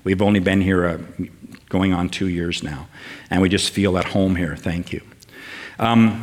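An older man giving a sermon as guest preacher, talking in a warm, halting way with fillers and restarts that builds into rousing lists. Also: sits low.

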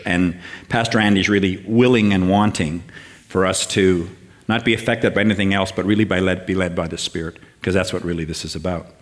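An older man giving a sermon as guest preacher, talking in a warm, halting way with fillers and restarts that builds into rousing lists. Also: low-pitched.

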